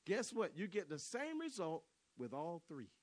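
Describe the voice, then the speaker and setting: Man, preacher, sermon, high voice, dry close sound, storytelling, repeats his words. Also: wildly swooping pitch, moderate pace, no room sound. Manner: storytelling, repeats and restarts words, calls out to the congregation.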